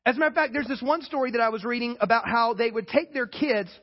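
A man's voice: very high-pitched, quick pace, highs cut off. A man preaching a casual sermon as a pastor, often asking the congregation to answer back. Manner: casual, asks the congregation to respond. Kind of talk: conversational sermon.

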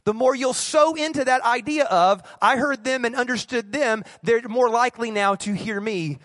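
Guy pastor preaching, kinda high voice, chatty, keeps asking the room stuff, dry close sound. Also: fairly bright tone, no echo. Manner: conversational preaching, quizzes the congregation and acts out quick asides. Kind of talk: sermon. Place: church.

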